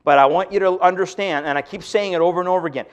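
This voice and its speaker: A man's voice: sits high, racing, lo-fi sound. A man giving an emphatic sermon-style lecture to an audience, asking rhetorical questions. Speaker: speaker on religion.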